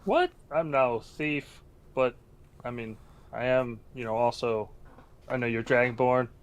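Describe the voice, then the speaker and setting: A man's voice: medium pitch, little pitch movement, moderate pace. A man playing his character in a tabletop game, with jokey, salesy banter. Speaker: player.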